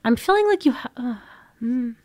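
A woman's voice: a little high, lively intonation, moderate pace, darkish tone, no echo. Young woman co-host, casual rambly chat, lots of likes, dry room. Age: young adult. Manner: chatty, full of "like" and laughs. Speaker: podcast co-host.

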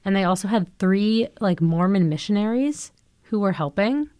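A woman's voice: mid-range voice, lively intonation, moderate pace, darkish tone, clear, resonant tone, dry recording, clean studio sound. A young woman co-hosting a casual chat podcast, talking in a loose, chatty way with lots of "like" and laughs. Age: young adult. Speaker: podcast co-host.

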